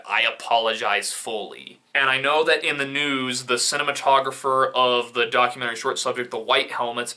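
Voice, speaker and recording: A man's voice: medium pitch, pushed and bright. A young man giving casual, opinionated commentary on award winners, with sarcastic asides. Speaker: film reviewer.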